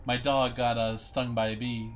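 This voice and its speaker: Co-host man, mid-pitched, amused and quick to laugh, faint music behind him. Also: flat delivery. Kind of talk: casual chat.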